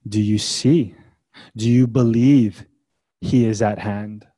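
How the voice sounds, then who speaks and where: A man preaching a sermon as a pastor, swinging between hushed, gentle passages and loud, emphatic ones, with casual asides. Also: fairly low pitch, steady tone, slow, slightly rough.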